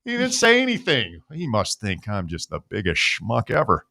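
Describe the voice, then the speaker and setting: A man co-hosting a sports talk show, telling animated self-mocking stories in casual banter. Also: fairly low pitch, normal speed, gravelly. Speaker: sports radio co-host.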